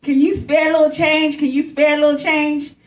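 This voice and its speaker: A woman's voice: sits high, little pitch movement, fairly quick, close to an everyday voice. A woman voicing a male panhandler in a stand-up bit, pleading and wheedling for spare change. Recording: roomy, from a distance.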